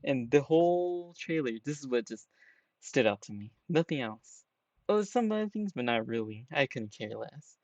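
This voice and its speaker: A man's voice: medium pitch, expressive, normal speed, no echo, highs cut off. A man giving casual, rambling reaction commentary on a game trailer, peppering his talk with "you know" and "right?". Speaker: trailer reviewer.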